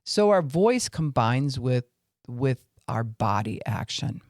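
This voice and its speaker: A man's voice: medium pitch, very animated, slow pace, dry recording. Male podcast teacher, earnest, mid-range voice, dry recording. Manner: earnest, acts out angry and weary voices to illustrate. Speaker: Christian podcast speaker. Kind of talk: teaching talk on faith and family.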